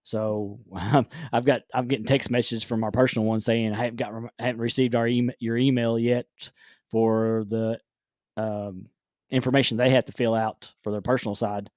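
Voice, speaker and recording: A man's voice: mid-range voice, little pitch movement, moderate pace, a little mellow, no echo. Rambling, laughing man host, dry sound. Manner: rambling, restarts, frequent laughs. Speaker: podcast host. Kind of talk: casual live-stream chat.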